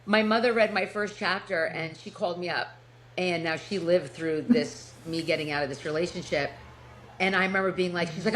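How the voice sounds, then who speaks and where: A middle-aged woman from New Jersey speaks with a New Jersey accent in a relaxed interview chat. She laughs easily at herself and restarts her sentences as she tells her story. A faint hiss sits under the voice. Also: lowish voice, brisk. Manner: chatty, self-deprecating, laughs often, restarts sentences. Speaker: podcast guest, author.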